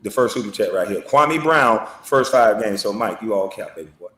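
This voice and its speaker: A man's voice: on the low side, expressive, brisk, sharp tone. Taunting man in a distant, echoey clip. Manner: taunting, mocking, trash-talking. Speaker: online commentator. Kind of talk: mocking video commentary.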